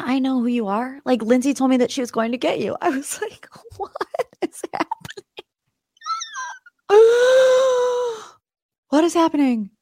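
A lively young woman hosts her podcast and tells a story with a bouncy, swooping voice that sits a little high. She acts out each quote in an excited, raised voice. The sound is dry and close, with no room echo. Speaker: podcast host. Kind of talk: casual storytelling recap.

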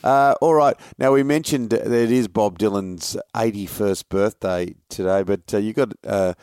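A man hosting a sports podcast, leading the topics in a relaxed conversational way. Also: fairly low pitch, moderate pace, clean tone, no echo, clean studio sound. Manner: conversational, leads the segments. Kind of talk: casual sports chat.

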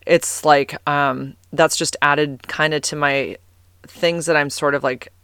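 A man speaking in a casual personal monologue, rambling through fillers and restarts and getting heated, with swearing for emphasis. His voice sits a little high and sounds smooth and clean. The recording is dry and close, with no room echo. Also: steady tone, slow, pushed and bright.

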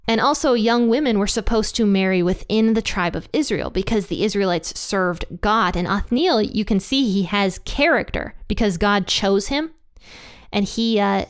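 A woman hosting her own channel talks through a Bible passage in a relaxed, chatty way and weaves in her own life. Her voice is smooth and clear, sitting at an ordinary middle pitch for a woman. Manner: conversational, personal and chatty. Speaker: Bible teacher. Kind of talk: casual Bible study talk.

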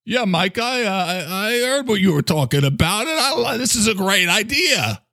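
A man's voice: high-pitched, very animated, normal speed, sharp tone, no room sound, studio quality, heavily acted. A man voicing a shady male character with a shaky put-on New York accent, stammering and eager to please.

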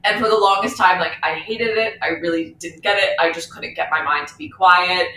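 A chatty co-host with a bright, sharp tone who rattles along and curses easily. The voice sits at a middle pitch and sounds roomy and echoey. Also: steady tone, creaky. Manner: fast, chatty, swears freely. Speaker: podcast co-host. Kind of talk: casual podcast conversation.

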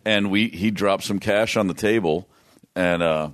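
Low-voiced man telling a road story. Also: unhurried. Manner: rambling, restarts, laughs while telling. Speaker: guest musician. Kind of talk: casual storytelling.

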